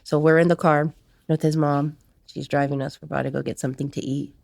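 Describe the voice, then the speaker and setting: A woman's voice: deep voice, flat delivery, brisk, creaky, a little mellow, no room sound. A woman, a podcast guest, casually telling her life story in a candid interview and acting out what others said.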